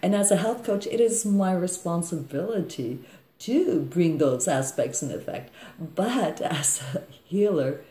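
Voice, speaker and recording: A woman with a low, mellow voice talks through an astrology forecast in a loose, rambling way. She often stops to ask "okay?" The recording has a roomy echo. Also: lively intonation, unhurried. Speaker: astrologer and life coach. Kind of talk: casual spoken astrology forecast. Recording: echoey room.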